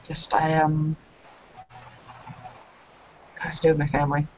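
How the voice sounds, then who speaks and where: A bashful young man, soft-spoken and apologetic, hesitating over every refusal, as a woman game master plays him. The voice sits on the lower side and the recording is muffled and lo-fi. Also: completely flat delivery, unhurried, slight background noise. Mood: hesitant. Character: shy polite young man turning down a request.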